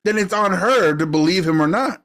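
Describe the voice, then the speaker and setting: A man's voice: high voice, expressive, brisk, fairly bright tone. Man chiming in on a podcast. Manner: short interjections and agreeing remarks. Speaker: podcast co-host. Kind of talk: casual movie chat.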